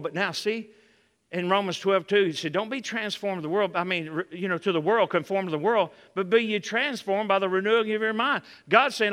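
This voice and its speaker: A man with a high, bright voice preaching a sermon, calling out to his congregation in an animated way. His voice carries a long reverb from a church sanctuary. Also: normal speed. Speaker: pastor.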